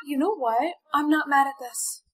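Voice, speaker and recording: A woman's voice: high-pitched, normal speed, fairly bright tone, rough recording. A woman playing a sassy feisty young woman. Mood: playful. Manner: snappy, sarcastic comebacks. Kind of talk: TikTok POV skit acting.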